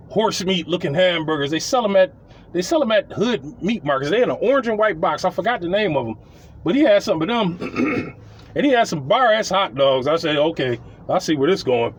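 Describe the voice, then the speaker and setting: A man's voice: fairly high pitch, slight background noise. A man telling a story about his tenants, blunt and profane, rambling and repeating himself. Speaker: landlord telling tenant stories. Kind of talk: casual storytelling.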